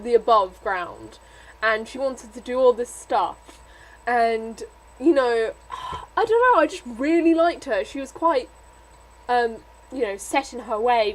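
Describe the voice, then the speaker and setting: A woman's voice: on the high side, poor audio. A young woman reviewing a book in a casual vlog, rambling with many fillers and getting emotional. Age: young adult.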